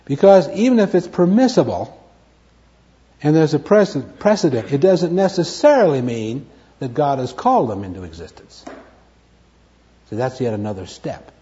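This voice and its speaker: A man's voice: a little high, sing-song, moderate pace, mellow. A man teaching a Bible study lecture, stressing key words, repeating them and asking and answering his own questions. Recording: dull lo-fi recording.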